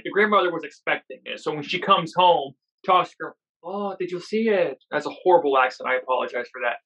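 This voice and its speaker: A man with a higher, bright and forceful voice co-hosts a podcast, rambling eagerly about a TV episode. His mic sounds dull and lo-fi. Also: gravelly. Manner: enthusiastic, rambling. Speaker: podcast co-host. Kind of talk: casual discussion of a TV episode.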